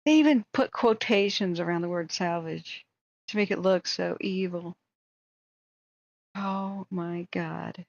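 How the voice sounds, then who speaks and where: A woman with a hoarse voice hosts a wildfire tracking livestream, venting in indignant, exasperated commentary. The audio is dull and lo-fi, with a dry, close sound and no room echo. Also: lowish voice, expressive, normal speed, darkish tone.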